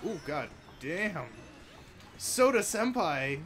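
A man hosting a live racing game stream, chatty and excitable, talking to chat and to his cat at home. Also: slow pace. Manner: excitable, chatty, bursts into high-pitched baby talk with his cat. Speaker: livestream host. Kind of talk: live gameplay commentary.

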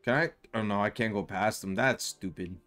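A man's voice: fairly low pitch, normal speed, fairly bright tone, soft background music. A young man giving casual, slang-heavy commentary on a game he is playing. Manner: casual, playful slang, voices characters in fun. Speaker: gaming YouTuber.

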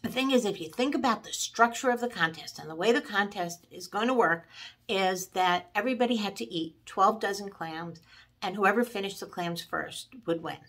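Lively middle-aged woman telling a story. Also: mid-range voice. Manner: lively storytelling, pace swinging between drawn-out and quick. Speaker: motivational storyteller. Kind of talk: personal anecdote told to camera.

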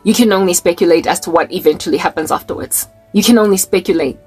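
A South African woman with a husky, slightly breathy voice preaches her own testimony in an emphatic, repetitive way. Soft music plays faintly underneath. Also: fairly low pitch, fast. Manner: emphatic, repeats key phrases for stress. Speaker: Christian vlogger.

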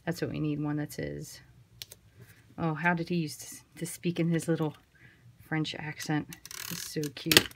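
Woman, lowish voice, chatty relaxed crafting tutorial, faint hiss behind. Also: unhurried, vocal fry, long pauses. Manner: chatty, relaxed, thinks aloud while working. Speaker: card-making instructor.

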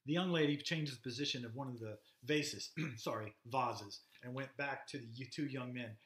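A man giving a casual, halting literature lecture, stopping often with fillers and reading passages aloud. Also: medium pitch, fairly bright tone. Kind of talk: recorded classroom lecture. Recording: roomy echoey room.

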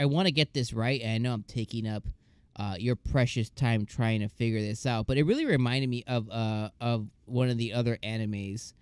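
Male anime reviewer, casual and animated, acts out scenes in silly voices, dry close sound. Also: fairly low pitch, clear, resonant tone, no room sound. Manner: laughing, animated retellings with comic voices.

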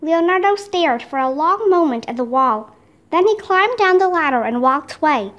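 Woman, children's chapter book reading, expressive narration, high voice, lively pitch. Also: moderate pace, highs cut off. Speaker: storybook reader.

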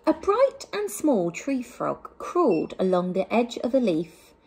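A woman teacher from England reading a picture book aloud to young children, with gentle asides to them. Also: fairly high pitch, huge pitch swings, measured pace, gravelly, slightly rough.

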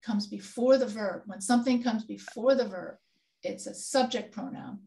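Her voice is mid-range, gravelly and dark, delivered at a normal speed. As a writing instructor teaching an online class, she leads a grammar review and patiently puts questions to her students.

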